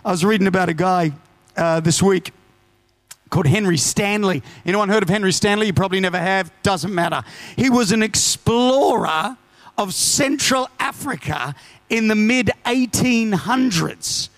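High-voiced preacher. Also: male voice, moderate pace. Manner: lively storytelling, shifts between urgent declaration and asides. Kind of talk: sermon.

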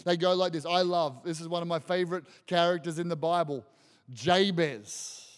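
Preacher, male, high voice, emphatic and repetitive, long hall reverb. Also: steady tone, normal speed, clear, resonant tone. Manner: emphatic, repeats phrases for effect. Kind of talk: sermon.

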